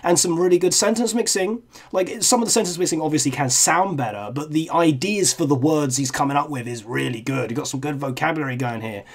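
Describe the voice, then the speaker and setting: A young man talks through his reviews in a loose, candid way, cursing freely as he goes. His voice sits a little higher than most men's. The tone is casual chat, like a long reaction commentary. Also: brisk, few pauses. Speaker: video reviewer.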